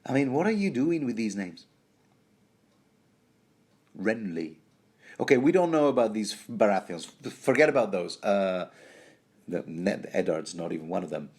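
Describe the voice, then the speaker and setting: A man's voice: fairly low pitch, animated, moderate pace, long pauses, darkish tone, husky. A man hosting a rambling, jokey book commentary, often stumbling and restarting mid-sentence.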